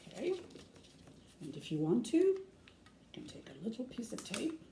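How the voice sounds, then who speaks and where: A woman's voice: a little high, wildly swooping pitch, moderate pace, gravelly. A woman hosting a children's craft lesson in a playful pirate persona, telling corny jokes and giving step-by-step instructions. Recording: echoey room from a distant mic with faint noise.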